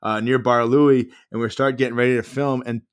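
A man's voice: medium pitch, fairly even intonation, a little fast, clear, resonant tone, no room sound, studio quality. A man, a podcast host casually telling a rambling anecdote full of "like" fillers. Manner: rambling anecdotal, frequent "like" fillers, mimics others in quotes. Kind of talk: casual storytelling chat.

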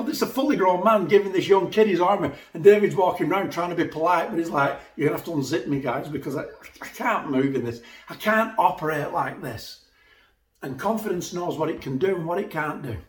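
A man's voice: fairly high pitch, reverberant. A man preaching a sermon, retelling a story animatedly and acting out the voices.

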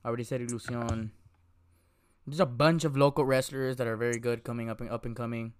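Smooth-voiced podcast host. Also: male voice, medium pitch, fairly even intonation, a little fast, no room sound, studio quality. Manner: hypes and joking shout-outs, uses Mexican slang. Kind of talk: casual podcast chat.

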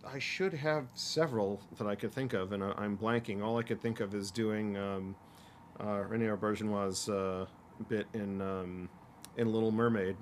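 A man co-hosting a podcast chats casually, rambling along with plenty of fillers and restarts. His voice sits on the low side, with a steady tone and moderate pace, and there's a little hiss or hum in the background.

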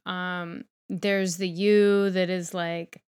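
A woman's voice: lowish voice, level tone, extremely slow, darkish tone, clear, resonant tone. A woman co-hosting a podcast in casual chat, talking frankly, rambling with fillers and swearing freely. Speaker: podcast co-host.

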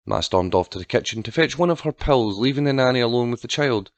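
Man reading a dark story. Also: medium pitch, animated, fast talker, no echo. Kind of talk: scripted narration.

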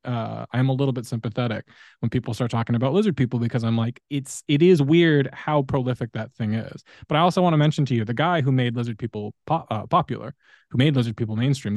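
A man's voice: mid-range voice, a little mellow, dry recording, clean studio sound. A man hosting a podcast, telling long stories in a rambling, casual way with many fillers. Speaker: podcast host.

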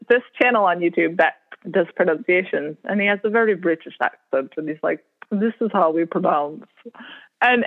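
Chatty woman on a tinny line. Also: medium pitch. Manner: chatty storyteller, laughs often. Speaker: podcast co-host. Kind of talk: casual chat.

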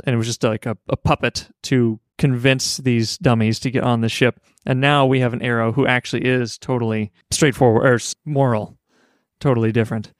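A man co-hosting a podcast, chatting casually about a film, laughing often and tossing in quick asides. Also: mid-range voice, dry recording, clean studio sound. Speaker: podcast co-host.

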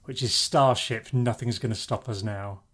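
Bloke chatting, mid voice, patient, teasing a bit. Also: male voice, medium pitch, normal speed, fairly bright tone. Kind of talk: casual chat.

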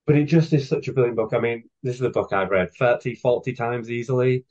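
A man's voice: mid-range voice, a little fast, darkish tone. A man in his thirties, a guest author, chatting casually and enthusiastically with many fillers on a podcast. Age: 30s. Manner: rambling, filler-heavy, enthusiastic. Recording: dull lo-fi podcast audio.

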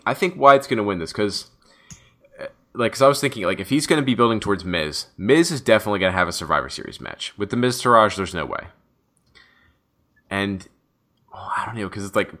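A man with a deep voice and a bright, forceful edge, chatting casually as a show's co-host. He rambles excitedly, piles ideas on top of each other and swears freely. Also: fast. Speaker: podcast co-host. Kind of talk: casual chat about wrestling.

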